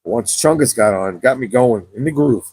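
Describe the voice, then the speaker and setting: A man's voice: medium pitch, expressive, normal speed, a little mellow, slightly rough, no room sound. A young man chatting casually at the end of his gaming livestream, laid-back, rambling and cursing often, on a cheap wireless mic.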